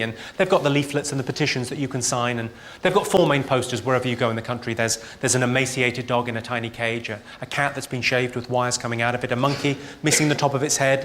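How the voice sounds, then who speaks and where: A man performing a stand-up comedy set in deadpan one-liners, with clipped delivery. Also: medium pitch. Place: large venue with live audience. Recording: live show with loud crowd laughter and noise.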